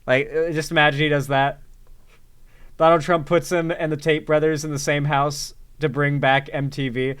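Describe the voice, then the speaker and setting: A man's voice: fairly high pitch, little pitch movement, moderate pace, a bit bright, smooth. A man hosting casual reaction commentary in a sarcastic, rambling way. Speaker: commentary host.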